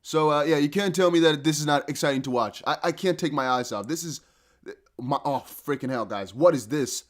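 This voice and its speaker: A man hosting a live crypto price stream, talking fast and excited with laughs and chanted hype lines. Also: a little high. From Netherlands. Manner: hyped, laughing, breaks into chanting.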